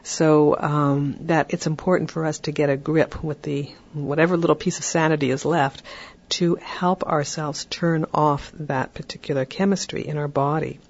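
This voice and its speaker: A podcast host giving parenting advice in a calm, explanatory way, often checking in with "right?". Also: mid-range voice, moderate pace, dull audio.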